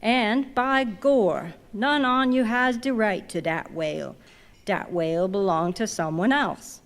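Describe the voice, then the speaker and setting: A woman voicing an old ship's cook preaching slowly. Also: medium pitch. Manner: drawling dialect sermon, slow and emphatic. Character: grumbling ninety-year-old male ship's cook preaching. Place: large museum reading hall. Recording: long reverb in a big hall.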